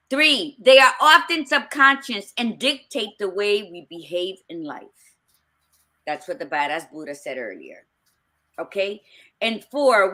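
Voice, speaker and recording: A woman's voice: on the high side, bright, forceful tone. A middle-aged woman co-hosting a podcast, talking bluntly and emphatically with frequent swearing. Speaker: podcast co-host. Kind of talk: casual chat.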